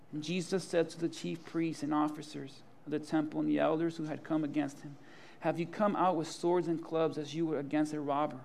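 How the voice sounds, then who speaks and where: Animated high-voiced male preacher. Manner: animated, acts out Bible scenes in casual voices, laughs often. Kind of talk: sermon.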